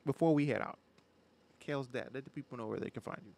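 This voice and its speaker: A man hosting a podcast, relaxed and chatty in casual talk. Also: medium pitch, quick pace, gravelly, slight background noise. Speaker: podcast host. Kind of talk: casual chat.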